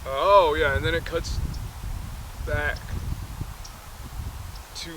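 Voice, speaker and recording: A man's voice: a little high, extremely slow, bright, forceful tone, slight background noise, poor audio. A man casually retelling a movie, rambling with many fillers and self-corrections.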